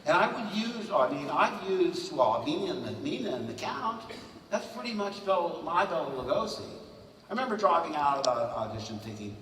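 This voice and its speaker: A fan convention panel guest in his sixties, whose voice leans high, shares stories with animation and jumps into brief character impressions. The roomy audio is picked up at a distance in a large convention hall over noisy surroundings.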